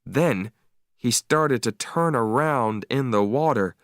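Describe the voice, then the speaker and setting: A man reading a story aloud slowly and clearly for English learners, with expressive delivery. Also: medium pitch, dry recording, studio quality. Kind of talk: slow read-aloud story narration.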